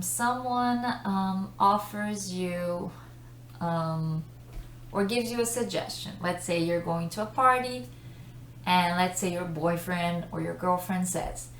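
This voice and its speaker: A woman's voice: mid-range voice, slight background noise. A woman teaching an English lesson in a chatty way, laughing often between explanations. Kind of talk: casual video lesson. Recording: echoey room.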